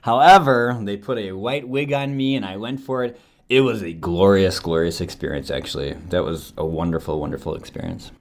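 A young adult man from Wisconsin, an actor talking about his career in an animated, relaxed interview. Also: sits low, brisk, gravelly. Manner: animated, switches into playful accents. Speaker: actor, podcast guest.

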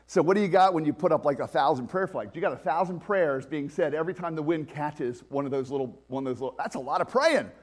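A man preaching a conversational sermon as pastor, animated and laughing often. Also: fairly high pitch, quick pace, hardly any pauses.

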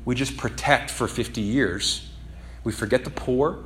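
A man's voice: a little slow, fairly bright tone. A man preaching a sermon in a casual, conversational way that climbs to emphatic peaks. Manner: conversational, dynamic, rising to emphatic high peaks.

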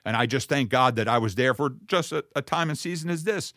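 A man telling a personal testimony in a sermon, earnest and conversational, acting out the dialogue, and closing with a softer, slower blessing. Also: medium pitch, no echo, clean studio sound. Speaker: ministry speaker addressing congregation.

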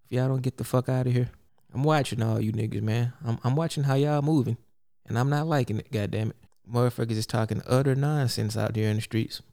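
A man's voice: on the low side, gravelly, mellow. A man hosting a solo podcast, ranting in a blunt, profane and exasperated way. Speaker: podcast host.

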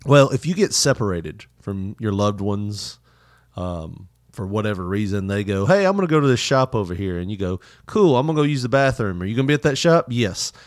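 A man's voice: on the low side, big pitch swings, brisk, no echo, studio quality. A man in casual podcast chat, telling loose rambling travel stories with frequent laughter and swearing.

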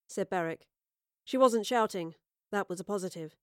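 A woman narrating an audio drama in a measured, expressive storytelling manner on a close studio mic. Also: on the low side, clean tone, no room sound.

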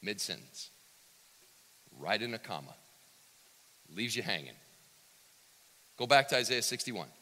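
A man preaching a sermon, swinging from loud to hushed and acting out the quotes he cites. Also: on the low side, expressive, measured pace, pauses often. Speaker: pastor. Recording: long reverb of a church hall.

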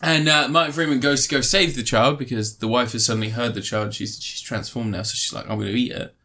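A man casually recapping and reviewing a film, rambling with fillers, sarcastic asides and quick mock voices. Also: medium pitch, fairly even intonation, sharp tone.

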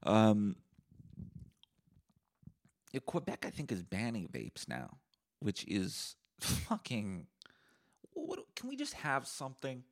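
A man's voice: mid-range voice, unhurried, long pauses. A young man from Canada hosting a podcast, delivering a sarcastic, profane solo rant. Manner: sarcastic, profane, animated ranting. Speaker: podcast host.

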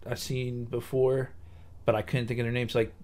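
A man's voice: mid-range voice, little pitch movement, moderate pace, darkish tone. Laid-back man telling a story. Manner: laid-back, rambling with restarts. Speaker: podcast guest, DJ. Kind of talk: casual storytelling chat.

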